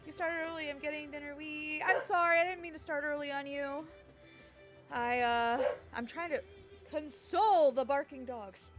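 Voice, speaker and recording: A woman streaming a game from home, chatting with viewers in a bubbly, excitable way. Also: high voice, moderate pace. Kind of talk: casual live-stream chat. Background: game music and barking dogs.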